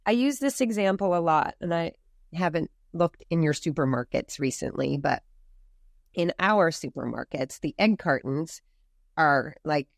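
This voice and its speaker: A woman from the United States speaking as a podcast guest, animated and emphatic, with many rhetorical questions. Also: sits low, measured pace, vocal fry, no echo, clean studio sound. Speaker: farm movement founder, guest. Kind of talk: podcast interview.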